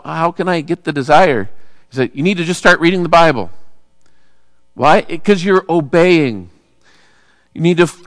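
A man, a pastor, preaching a sermon in a relaxed, conversational way and asking the congregation rhetorical questions. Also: a little high, dry recording, studio quality, big-room sound.

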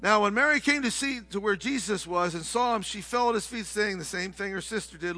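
A middle-aged man preaching a sermon, swinging from hushed, low passages to shouted, heated ones. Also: expressive, a little fast, few pauses. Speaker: pastor.

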